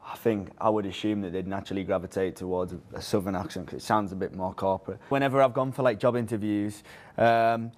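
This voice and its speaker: Young man, lowish, casual and hesitant. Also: fairly even intonation, quick pace. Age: young adult.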